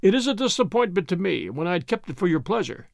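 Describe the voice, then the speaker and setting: A man's voice: sits high, big pitch swings, quick pace, gravelly, no echo, highs cut off, exaggerated voice. A man voicing an old professor, speaking in an urgent, insistent way. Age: older. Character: old gray-browed professor, insistent host.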